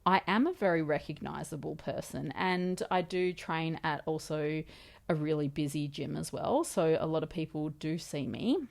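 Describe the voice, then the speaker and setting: Telling a story to the camera, this Australian vlogger in her thirties chats casually, uses lots of fillers and quotes what other people said. She has a low, creaky voice and talks at normal speed.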